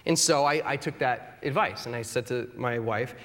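A man's voice: mid-range voice, moderate pace, a bit bright. A man in his thirties preaching a sermon in a conversational, earnest way, with self-deprecating humor. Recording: long hall reverb.

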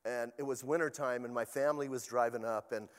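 A man's voice: mid-range voice, steady tone, a little fast, in a large hall. An older man, a pastor, preaching a sermon in a chatty, storytelling way with asides to the congregation.

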